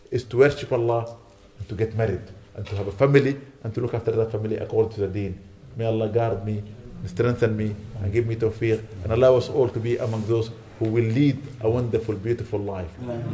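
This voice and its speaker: A male sheikh delivering a lecture to a mosque gathering, talking fast and urgently. His exhortations come with fervent emphasis, and at other times he settles into quiet prayer. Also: medium pitch, steady tone. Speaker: sheikh giving a weekly lecture.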